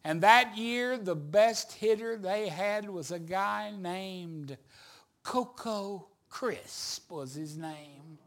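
A middle-aged man preaching a sermon, telling a story with building energy and sudden shouts. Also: high voice, extremely slow. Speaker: evangelist preacher.

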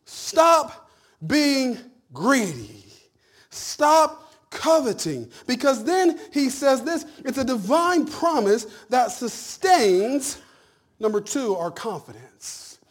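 A man preaching a humorous, animated sermon, jumping from loud punchlines to hushed asides. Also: very high-pitched, slow. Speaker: pastor.

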